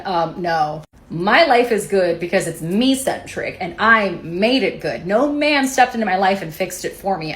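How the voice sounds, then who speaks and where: A woman talking to camera in an assertive, dismissive way. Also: mid-range voice. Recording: roomy echo.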